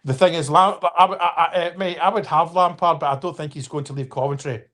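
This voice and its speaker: Fifties man, a touch high-voiced, rambling live-stream football talker. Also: steady tone, a little fast, fairly bright tone. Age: 50s. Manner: rambling, frequent restarts and apologies, addresses viewers by name. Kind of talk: casual football chat.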